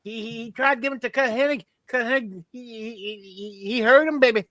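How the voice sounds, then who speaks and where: A man's voice: extremely high pitch, fairly quick, a bit bright, no echo. A man doing a boastful old Texan wrestling promo. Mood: swaggering. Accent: put-on Texan drawl. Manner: rambling promo calling everyone baby and daddy. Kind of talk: comedic impression on a podcast.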